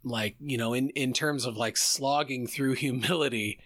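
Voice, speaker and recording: A man's voice: mid-range voice, normal speed, a bit bright, no echo, studio quality. A man in casual podcast conversation, thinking aloud reflectively with frequent restarts. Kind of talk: casual chat.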